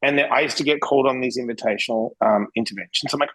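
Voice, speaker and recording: A middle-aged man from Western Australia, an interventionist guest telling blunt, animated stories in a casual interview. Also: quick pace, hardly any pauses, breathy edge, dry recording, poor audio. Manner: blunt, animated, swings pitch when quoting himself.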